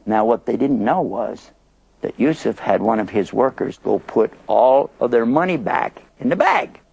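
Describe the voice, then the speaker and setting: A man telling a story in a chatty, playful way, pitch swinging widely as he dramatizes it. His voice sits a bit high with a gravelly edge. The recording is close and dry. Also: lively intonation, moderate pace, darkish tone, no echo, muffled recording. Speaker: Islamic storyteller. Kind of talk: animated story narration.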